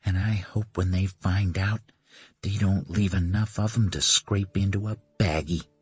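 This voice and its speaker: A man's voice: deep voice, fairly even intonation, unhurried, a little mellow, husky, exaggerated voice. A man voicing a grieving vengeful boy. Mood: cold. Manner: pleading, then hard and cold. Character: traumatized young son, boy, fierce and grieving. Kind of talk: audiobook character voice.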